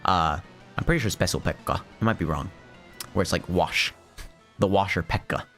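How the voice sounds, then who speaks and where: A hoarse man from Finland giving chatty, rambling gameplay commentary and laughing often. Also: low voice, normal speed, fairly bright tone, soft background music. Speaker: let's play host.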